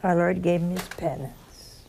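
Slow Southern woman preaching. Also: on the low side, vocal fry, slight background noise. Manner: slow storytelling with animated rises and soft whispers. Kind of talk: sermon.

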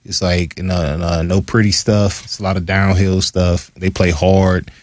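Low, husky male studio guest, casual chat, dry close mic. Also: a little slow, no echo. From Florida. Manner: relaxed, storytelling with laughs. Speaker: guest, former player.

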